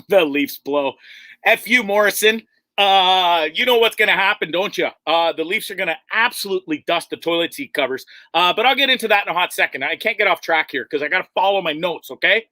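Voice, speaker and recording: A man's voice: high-pitched, pushed and bright, no room sound. A man hosting a casual livestream from inside a tour bus, rambling, swearing and laughing at himself. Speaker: livestream host.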